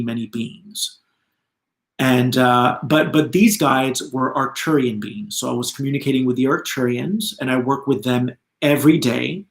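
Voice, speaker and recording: A man hosting a live spiritual talk, chatty and animated, laughing often as he speaks. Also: mid-range voice, echoey room. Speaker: spiritual channeler, host.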